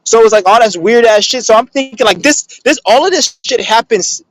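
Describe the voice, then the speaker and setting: A man's voice: very high voice, lively intonation, fairly quick, a bit bright, no echo, low-quality recording. A man ranting casually on a livestream, profane and rambling with lots of filler words. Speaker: streamer.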